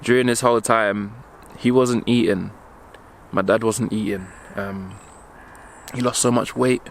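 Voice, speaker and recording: A young man vlogging while walking outdoors, speaking haltingly as he holds back tears, with many pauses and fillers. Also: lowish voice, steady tone, slight background noise. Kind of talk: emotional personal vlog.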